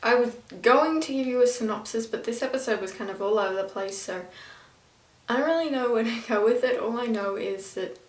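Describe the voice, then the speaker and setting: Woman rambling thru a tv review vlog, kinda exasperated, voice a little high, sounds roomy and far from the mic. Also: a little fast. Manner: rambling, exasperated, stumbles over names. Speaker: video reviewer. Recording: echoey room, a bit off-mic.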